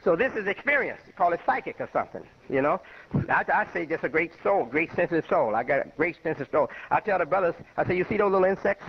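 High-voiced older imam on muffled radio. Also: male voice, very animated, fast talker, husky. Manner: rambling, conversational, with personal anecdotes. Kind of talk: informal spoken lecture.

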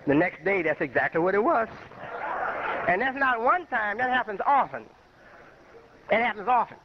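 High-voiced older imam on muffled radio. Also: male voice, sing-song, normal speed, a crowd in the background, background noise. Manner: rambling, conversational, with personal anecdotes. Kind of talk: informal spoken lecture.

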